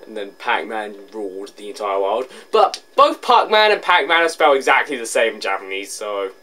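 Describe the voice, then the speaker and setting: A man's voice: fairly low pitch, big pitch swings, bright, forceful tone. Young man rambling over his own clip. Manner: rambling, self-mocking, quick to laugh. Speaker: video creator reacting to a reaction. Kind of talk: casual reaction commentary.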